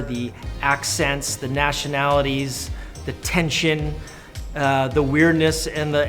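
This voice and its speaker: A man's voice: a little high, a bit bright. An older man, a stand-up comedian, chatting casually about himself in a loose, self-deprecating way. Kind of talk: casual interview.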